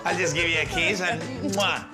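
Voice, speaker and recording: A man's voice: a little high, normal speed, over loud music. A man hosting a cooking segment on TV, chatting playfully with a guest and laughing often. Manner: teasing, laughs often, animated. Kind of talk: playful on-air chat while cooking.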